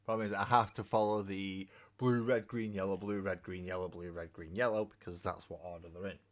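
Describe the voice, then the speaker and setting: A man's voice: deep voice, steady tone, brisk. A man hosting a casual live stream while painting miniatures, rambling, joking and swearing freely. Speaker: hobby streamer. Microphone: webcam mic.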